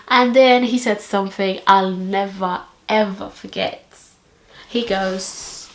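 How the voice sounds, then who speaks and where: A woman's voice: medium pitch, takes it slowly, reverberant. Sassy young woman. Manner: animated, sassy storytelling. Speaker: vlogger. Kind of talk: storytime vlog.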